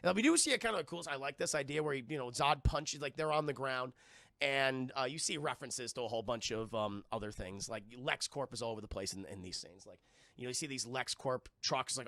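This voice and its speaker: A man's voice: medium pitch, a little fast, creaky, a bit bright, no echo. A man streaming a casual, profane scene-by-scene film recap and talking to his chat.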